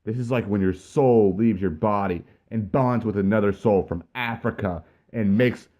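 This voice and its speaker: A man putting on the voice of a big, raving man who shouts wild conspiracy rants. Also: on the low side, moderate pace, lo-fi sound, lightly acted. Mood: mystical rant. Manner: shouting, wild-eyed ranting.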